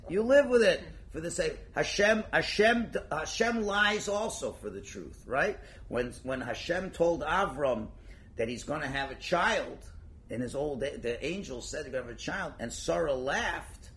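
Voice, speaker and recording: Speaking at a measured pace in a fairly high voice, this rabbi teaches a casual, joke-filled Torah lesson. He plays out everyday quarrels and conversations with animation, sprinkling in Hebrew and Yiddish words.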